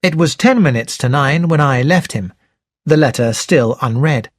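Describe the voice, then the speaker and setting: A man narrating a mystery novel aloud for English learners, clear and deliberate in his reading. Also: mid-range voice, lively intonation, dry recording.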